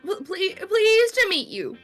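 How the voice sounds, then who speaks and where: A woman voicing an eager young man with Italian flair, talking in a squeaky, overexcited way. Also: very animated, measured pace, fairly bright tone, soft background music, heavily acted.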